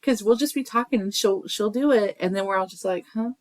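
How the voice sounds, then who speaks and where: A woman's voice: mid-range voice, fairly quick, dry recording. A woman co-hosting a library podcast, telling stories in casual chat and slipping into playful voices. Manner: animated storyteller, slips into playful voices.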